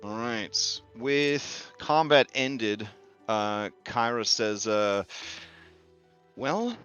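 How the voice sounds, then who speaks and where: Bright, crisp-voiced game master. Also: male voice, on the low side, steady tone, dull audio, soft background music. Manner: casual, swears freely, quick asides. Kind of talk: narrating a tabletop game.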